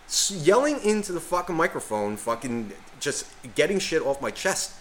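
A man's voice: on the high side, expressive, normal speed, slight background noise. A man co-hosting a podcast, rambling and swearing constantly as he rants in casual chat. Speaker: podcast co-host.

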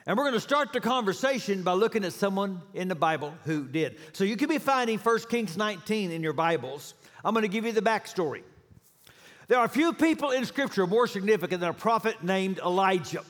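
High-voiced pastor preaching in a hall. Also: male voice, expressive, brisk. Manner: storytelling, warm humor. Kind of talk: sermon. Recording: reverb of a large hall.

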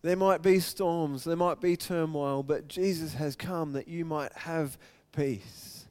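A man preaching a sermon, retelling scripture and acting out the quoted lines, swinging from loud and excited to hushed and soft. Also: a little high, slow pace, clear, resonant tone.

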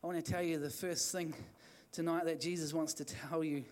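A man's voice: on the high side, fairly even intonation, brisk, darkish tone. A man preaching an evening church sermon, urging the listeners on in fervent, repetitive phrases. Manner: fervent, repetitive exhortation with restarts. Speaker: pastor.

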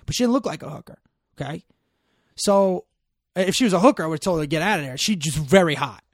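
A middle-aged man telling a story in casual chat, animated and profane, getting loud when worked up. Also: a little high, quick pace, no room sound, studio quality.

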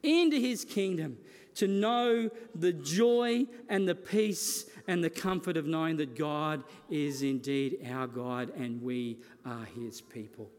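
A man's voice: fairly high pitch, slow pace, darkish tone. A man preaching a sermon as a pastor, earnest and building his points through repeated phrases. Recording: long reverb of a large hall.

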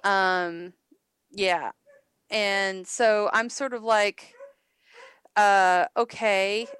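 A woman's voice: mid-range voice, fairly even intonation, very slow, fairly bright tone, clear, resonant tone, dry recording, studio quality. A woman co-hosting a podcast in casual chat, rambling and laughing often with many restarts. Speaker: podcast co-host.

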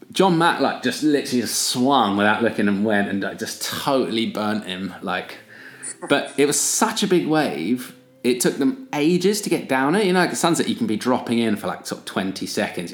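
A man hosting a podcast, telling a story in a rambling, laughing way and swearing freely. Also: lowish voice. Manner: rambling, laughing, full of "like" and "kind of". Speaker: podcast host. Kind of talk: casual storytelling chat. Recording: roomy, echoey recording.

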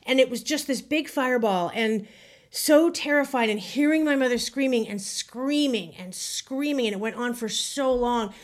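A woman's voice: high voice, normal speed. A woman telling a personal story on a podcast in a casual, chatty way, with many fillers and building suspense.

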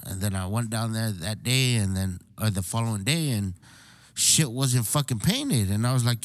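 A man's voice: medium pitch, moderate pace, dry recording. A man telling a story in casual chat, swearing freely and acting out what people said. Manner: profane, animated storyteller acting out quotes.

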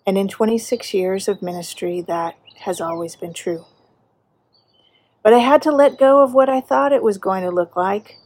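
A middle-aged woman pastor preaching a sermon, earnest and measured, slowing down for emphasis. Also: medium pitch, a little mellow.

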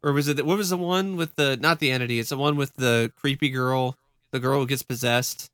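A man's voice: mid-range voice, fairly quick, fairly bright tone, clear, resonant tone, no echo, clean studio sound. A man co-hosting a podcast, chatting casually and animatedly, often laughing and restarting his words. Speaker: podcast co-host. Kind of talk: casual chat.

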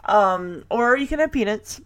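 A woman with a medium-pitched, animated voice speaks a little slowly, her tone a bit bright and the recording free of echo. As a podcast host, she recaps a sitcom episode in casual chat, full of chatty, giggly asides and playful voices for the characters' lines.

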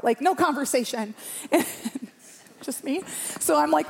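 A woman's voice: on the high side, fast, vocal fry. A woman around forty, a pastor, preaching a sermon to a church congregation in a passionate, emphatic way, repeating phrases for rhythm.

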